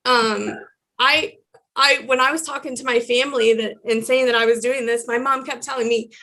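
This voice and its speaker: A woman reflecting on speaking up as a patient, heartfelt and halting, with many fillers. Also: fairly high pitch, steady tone, sharp tone. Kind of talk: personal reflection.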